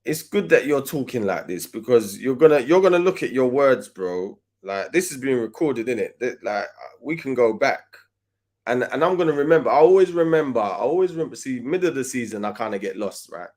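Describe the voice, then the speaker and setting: Animated man ranting about football. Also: medium pitch, normal speed. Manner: emphatic and animated, swears, slangy. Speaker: host. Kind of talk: casual football fan talk.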